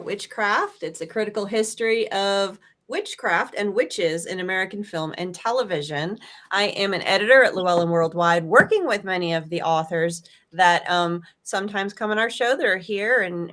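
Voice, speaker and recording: A woman author and editor introducing herself to a podcast audience. She talks in a brisk, friendly way in a mid-range voice. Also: mid-range voice, fairly bright tone. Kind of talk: casual self-introduction.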